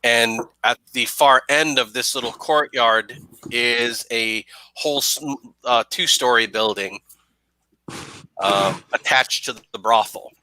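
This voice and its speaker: A man's voice: medium pitch, slow pace, pushed and bright, no room sound, poor audio. A man running a tabletop game as game master, narrating with many hesitations. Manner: hesitant, full of ums.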